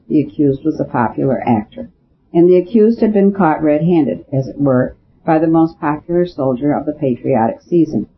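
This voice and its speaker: A man narrates a storybook in a measured, steady way, his voice sitting fairly high. The recording is dull and lo-fi. A faint hiss runs underneath it. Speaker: audiobook narrator. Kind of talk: scripted narration.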